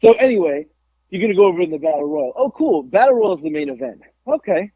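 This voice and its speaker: Talking fast in a high-pitched voice, a male pro wrestler appears as a podcast guest and relates a wrestling story. The chat is casual, animated, and profane, and he acts out what others told him. Sound quality is dull and lo-fi.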